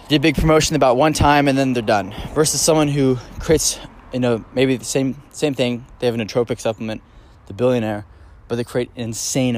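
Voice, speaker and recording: A male podcast host gives a solo monologue, casual and rambling, heavy with fillers and restarts, eagerly stressing key points. His voice is medium in pitch and a little mellow.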